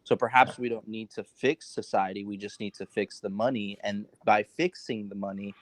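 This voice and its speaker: A man's voice: fairly low pitch, steady tone, normal speed, no room sound, low-quality recording. Man, american, podcast host, casual, rambling, lots of fillers. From United States. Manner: conversational, many fillers and rephrasings.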